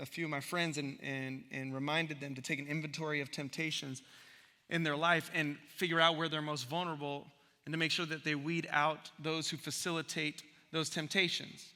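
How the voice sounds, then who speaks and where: A man preaching from the pulpit with a very bright, forceful, high-pitched voice. He talks to the congregation like a friend, joking and slipping into little acted voices. His words ring out with a long church-hall reverb from a live recording. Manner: animated storyteller who acts out voices; humorous, conversational preaching. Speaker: pastor. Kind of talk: sermon. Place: church sanctuary.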